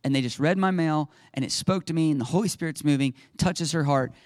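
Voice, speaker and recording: A male pastor preaching a sermon and telling stories in an animated, conversational way. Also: fairly high pitch, brisk, dry recording, studio quality. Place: church sanctuary.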